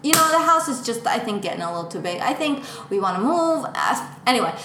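A woman's voice: sing-song, fast talker, bright, forceful tone, echoey room, a little hiss or hum. Woman playing a fretful, doting mom. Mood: weary. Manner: fretful, fussing, exclaims in sudden high bursts. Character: doting, anxious middle-aged mother, easily upset. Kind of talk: improvised comedy scene.

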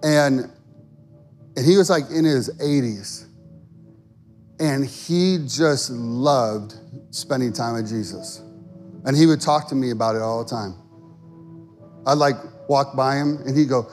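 A man's voice: on the high side, moderate pace, soft background music. A male pastor preaching a sermon in an earnest, conversational way.

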